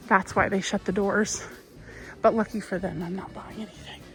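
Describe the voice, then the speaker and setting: A woman's voice: mid-range voice, steady tone, moderate pace. Woman, casual shopping vlog, chatty and wistful, phone recording in a store, faint music behind. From United States. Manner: chatty, wistful, with frequent soft laughs. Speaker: vlogger. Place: inside a large craft store. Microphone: phone held while walking.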